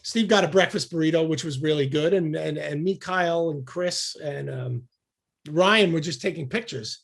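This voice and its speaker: A man from the United States, a podcast guest, telling a story in casual chat, lively and laughing as he acts out what people said. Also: fairly high pitch, moderate pace, creaky. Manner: animated storyteller, acts out quotes with shouts and laughs.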